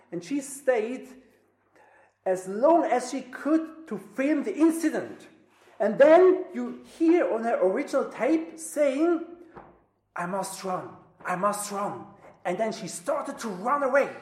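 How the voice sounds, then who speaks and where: A woman preaching a sermon, swinging between loud emphasis and near-whispers. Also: fairly high pitch. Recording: roomy echo.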